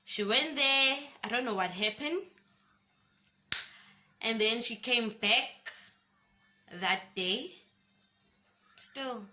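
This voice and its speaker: Slow, bright South African young woman. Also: a little high. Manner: expressive storytelling, addresses viewers as guys. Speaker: YouTuber. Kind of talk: personal storytime vlog.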